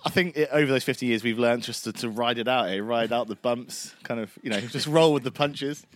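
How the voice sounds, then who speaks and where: A man's voice: mid-range voice, a little fast. A man co-hosting a casual cricket podcast outdoors, easygoing and jokey, hedging with many fillers. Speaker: podcast co-host. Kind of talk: casual chat. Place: outdoors, sunny and breezy.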